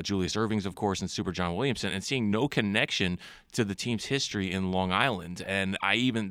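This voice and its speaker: A young male author from New Jersey, answering interview questions in an earnest, measured way with some hesitation. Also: deep voice, fairly bright tone, clean tone, no room sound, clean studio sound. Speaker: author and guest.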